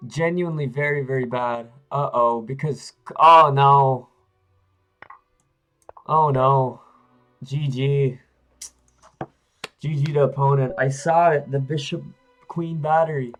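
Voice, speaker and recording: A man's voice: medium pitch, steady tone, slow pace, pauses often, fairly bright tone, faint music behind, poor audio. A man streaming chess games live, talking to himself and his viewers as he plays, swinging between hype and frustrated muttering. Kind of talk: live-stream commentary while playing.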